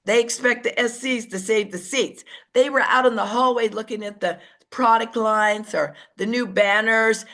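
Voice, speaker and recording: A woman giving a motivational team training talk over an online call. She tells lively stories and acts out the voices she quotes. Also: on the high side, moderate pace, few pauses.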